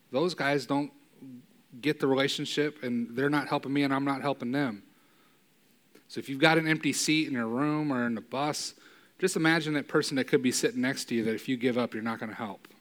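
Speaking at medium pitch, a man delivers a sermon in a casual, chatty way. He regularly asks "right?" and works himself up to loud, emphatic moments.

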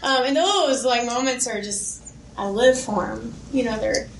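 A woman's voice: fairly high pitch, a little slow, vocal fry, a little hiss or hum. A woman speaking at a church workshop, sharing heartfelt stories about youth ministry and her kids. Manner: heartfelt, storytelling, laughs easily. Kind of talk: workshop talk. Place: conference room. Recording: echoey room with faint ambience.

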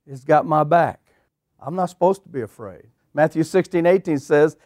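Folksy preacher, fairly high voice. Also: male voice, moderate pace, no room sound. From eastern Oklahoma. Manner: animated, drawls folksy phrases, rhetorical questions to the congregation. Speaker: pastor. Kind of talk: sermon storytelling.

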